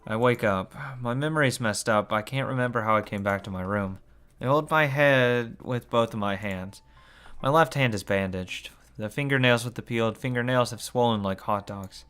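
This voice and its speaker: A man's voice: mid-range voice, normal speed, fairly bright tone, smooth. A man reading a visual novel aloud as a let's play, swearing and commenting as he goes. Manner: swears and comments between lines.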